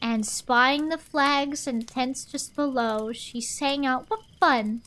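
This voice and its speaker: Young woman streamer, high voice, slow storybook reading, chatty asides, desk mic. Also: fairly even intonation, a bit bright. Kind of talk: reading a picture book aloud on stream.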